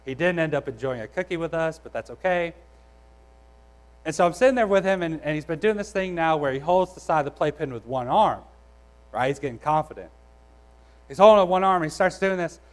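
A man's voice: on the high side, animated, a little fast, low-quality recording. A young adult man preaching a sermon in a conversational, storytelling way, with frequent restarts. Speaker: pastor.

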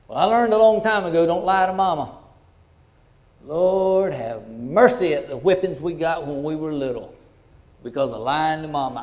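A middle-aged man, a pastor telling a personal story in a sermon in a folksy, heartfelt way that swings from hushed to loud. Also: fairly high pitch.

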